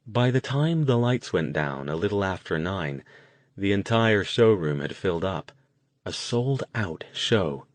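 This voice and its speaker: A man narrating an audiobook in a steady, measured way. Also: deep voice, no room sound. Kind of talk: scripted narration.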